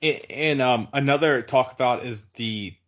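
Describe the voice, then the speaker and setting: A man's voice: medium pitch, normal speed, a bit bright. Casual podcast guy, says like constantly, mid voice, muffled lo-fi audio. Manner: rambling, heavy use of "like", restarts. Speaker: podcast co-host. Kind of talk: casual chat. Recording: dull lo-fi audio.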